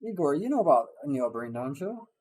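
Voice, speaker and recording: A man's voice: a little high, sing-song, fairly quick, a little mellow, slightly rough, rough recording. A young man streaming a game live, ranting and swearing constantly at what happens on screen. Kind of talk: live gaming commentary.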